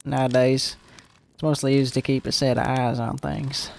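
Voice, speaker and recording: A lonely alien lookout keeper talks in a slow, rural drawl, voiced by a man reading game text aloud. The tone stays dry and wry. The voice sits at an ordinary middle pitch for a man. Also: level tone, vocal fry, darkish tone, natural voice. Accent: put-on rural drawl.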